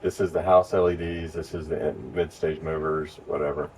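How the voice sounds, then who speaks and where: A man giving relaxed, step-by-step training to church volunteers, recorded in a church. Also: a bass voice, normal speed. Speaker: lighting instructor. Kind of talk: casual hands-on training. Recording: distant mic with faint noise.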